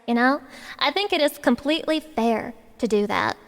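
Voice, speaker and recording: A woman's voice: fairly high pitch, animated, moderate pace, creaky, long reverb tail. A woman streamer ranting to her chat in a profane, sarcastic mock-mourning tone and singing along to karaoke songs. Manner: sings along loudly to backing tracks. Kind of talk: karaoke livestream with chat banter.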